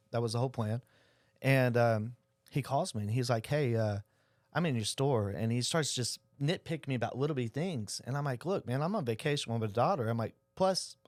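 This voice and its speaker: A middle-aged man speaks as a podcast guest. He rattles through his stories at a brisk clip and acts out each quoted exchange. The sound is close and dry, with no room around it. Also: medium pitch, dry recording. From Oklahoma. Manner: animated storyteller acting out quoted dialogue. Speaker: insurance agency owner, guest. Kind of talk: casual storytelling interview.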